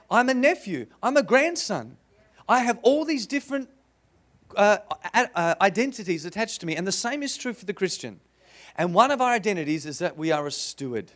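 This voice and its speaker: Animated Australian pastor, high voice. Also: male voice. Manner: animated, playful preaching with audience questions. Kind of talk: sermon. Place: church before a congregation.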